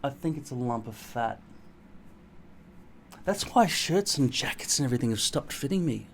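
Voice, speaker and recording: A middle-aged man with an Australian accent talks straight to camera at home, wandering from one thought to the next. He is blunt and self-mocking and swears without a second thought. His pitch sits in the ordinary middle for a man. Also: expressive, normal speed, gravelly, slight background noise. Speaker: vlogger. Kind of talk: casual rambling monologue to camera.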